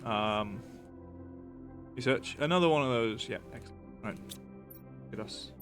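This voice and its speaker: A man's voice: mid-range voice, measured pace, a bit bright, soft background music. Rambling man streaming a game. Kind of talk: casual live-stream chat.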